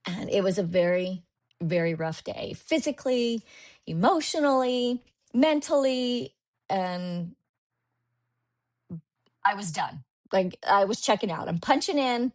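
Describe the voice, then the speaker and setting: A woman's voice: mid-range voice, lively intonation, unhurried, pauses often, darkish tone. A young woman in her twenties telling a personal story as a guest on a podcast interview, acting out her past thoughts as she goes.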